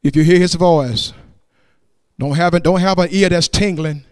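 High-voiced preacher chanting a sermon. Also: male voice, normal speed, clean tone, no room sound, clean studio sound. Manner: chanting call-and-response preaching; shifts between loud exclamation and hushed tones. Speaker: pastor. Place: church.

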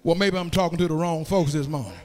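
A man preaching a sermon in a church, swinging from plain talk into shouted, sung cadences and calling out to the congregation for answers. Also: a little high, fast. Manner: calls out to the congregation for response. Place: church sanctuary. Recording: long hall reverb.

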